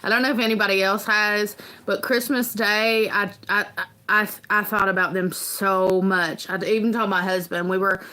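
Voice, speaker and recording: A woman hosting a casual livestream, talking in an earnest, rambling, halting way as a parent. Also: mid-range voice, fairly even intonation, sharp tone. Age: adult parent. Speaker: livestream host.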